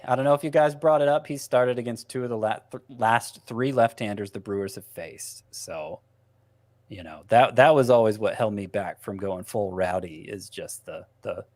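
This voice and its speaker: A man's voice: medium pitch, normal speed, dry recording. A man giving fantasy baseball picks in casual podcast chat, wry and self-mocking, thinking aloud as he goes.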